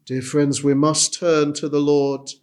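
A man's voice: on the high side, little pitch movement, a little slow, a little mellow. A man preaching a sermon, earnest and pleading, repeating key phrases for emphasis. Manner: earnest, repetitive pleading delivery.

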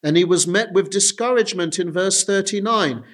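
A man's voice: high-pitched, moderate pace, fairly bright tone. A man preaching an earnest sermon, often turning to his listeners with direct appeals.

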